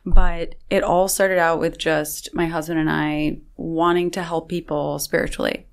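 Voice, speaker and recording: A woman's voice: low voice, flat delivery, unhurried, creaky. A young woman talking as a podcast guest in a casual conversation, chatty and full of fillers.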